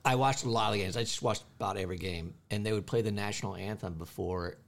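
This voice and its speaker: A man's voice: lowish voice, fast, gravelly. A man co-hosting a podcast, chatting casually and leading a trivia game with friends. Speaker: podcast co-host. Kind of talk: casual chat.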